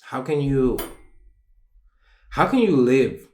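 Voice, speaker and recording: A man's voice: mid-range voice, very animated, slow, darkish tone. A young man hosting a solo podcast, talking in a rambling, emotional, candid way and swearing casually. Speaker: podcast host. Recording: roomy echo.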